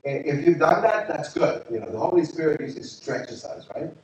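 Pastor preaching in an echoey hall. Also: male voice, a little high, big pitch swings, a little fast, a little mellow. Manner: joking, conversational preaching with audience questions. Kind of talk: sermon. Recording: echoey hall, distant mic.

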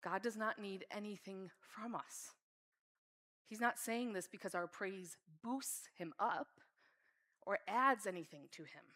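A woman's voice: medium pitch, measured pace, bright, forceful tone. A woman preaching a sermon in an earnest, heartfelt way. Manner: earnest, reads scripture aloud with feeling.

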